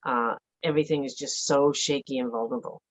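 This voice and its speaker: A middle-aged woman giving a halting, emotional personal account as an interview guest, with many fillers and restarts. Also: rumbling low, fairly even intonation, rough recording. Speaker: interview guest, bereaved mother.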